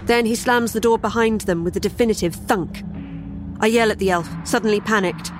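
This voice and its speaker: A woman's voice: medium pitch, fairly quick, music in the background. Wry woman narrating a horror tale. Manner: wry, sardonic storytelling. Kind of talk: first-person horror story narration.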